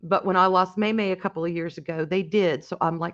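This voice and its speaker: A woman hosting a casual livestream, talking in a halting, emotional way with many restarts and reading out chat comments. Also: lowish voice, steady tone, fairly bright tone, muffled recording. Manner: reads and answers chat comments. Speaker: livestream host.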